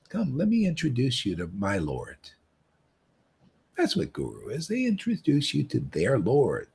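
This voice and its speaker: A man's voice: mid-range voice, wildly swooping pitch, a little slow, gravelly, a little mellow, slightly rough. A man giving a casual devotional talk as a spiritual teacher, often saying "man" and acting out quoted voices.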